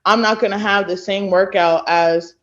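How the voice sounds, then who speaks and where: A woman in her late twenties from Texas, a podcast guest who tells stories in a lively way and acts out what others said. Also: medium pitch, normal speed. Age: late 20s. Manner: animated storyteller who acts out quoted people. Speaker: guest, former college thrower. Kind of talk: casual podcast interview. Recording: dull lo-fi sound.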